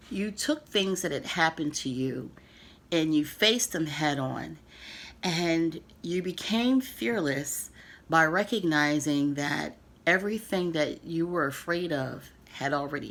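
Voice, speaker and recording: A woman's voice: deep voice, slow pace, vocal fry, a bit bright. A woman from the United States talking casually to the camera, earnest and emphatic with sassy asides. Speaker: vlogger giving book feedback. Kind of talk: casual direct-to-camera address.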